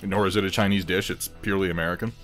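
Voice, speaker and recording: A man's voice: sits low, fairly even intonation, very fast, a bit bright, soft background music. A man hosting a casual livestream, chatting wryly with viewers in a rambling way while he eats and paints miniatures.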